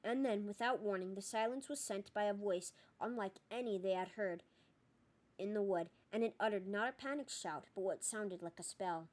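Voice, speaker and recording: A woman reading a novel aloud as narrator, steady and expressive with small slips. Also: medium pitch, normal speed. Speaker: audiobook reader.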